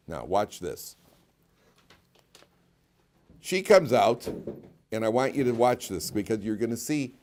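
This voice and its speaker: A man, a rabbi teaching a lively class and telling stories, laughing often and repeating himself. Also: medium pitch.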